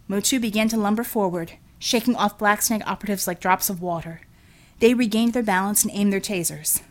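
Woman, audiobook narrator, steady, measured, mid pitch.

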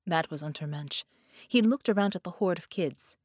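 A woman's voice: fairly low pitch, normal speed, a little mellow, no echo. Woman narrating an audiobook, dry close sound.

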